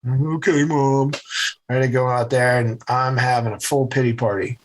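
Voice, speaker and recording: A middle-aged man from central Massachusetts, a podcast guest telling his story with animated, acted-out voices. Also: mid-range voice, a little fast, slight background noise. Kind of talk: storytelling interview answers.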